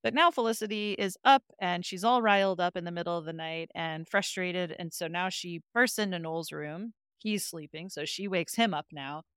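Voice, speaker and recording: A woman's voice: fairly low pitch, normal speed, few pauses, fairly bright tone, smooth, no room sound, studio quality. A woman co-hosting a casual podcast, animatedly retelling scenes and acting out the characters' lines with frequent laughter. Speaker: podcast co-host. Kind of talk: casual chat recapping a TV episode.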